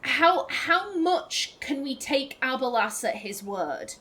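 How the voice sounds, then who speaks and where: A woman's voice: high voice, sing-song, slow, bright, forceful tone. A woman commenting on a video game she is playing, ranting in exasperation and swearing freely. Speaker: let's play host. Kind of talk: gameplay commentary.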